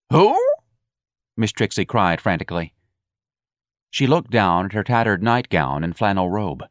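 In studio-quality audio free of echo, a man reads an audiobook aloud. His voice sits low, and his storytelling stays steady and measured.

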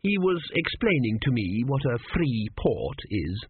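A man's voice: mid-range voice, very animated, a little slow, a little hiss or hum. A man voicing an impatient young queen who gives curt, sour orders, in an audiobook reading. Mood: sour, commanding. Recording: tinny phone-like band, dry.

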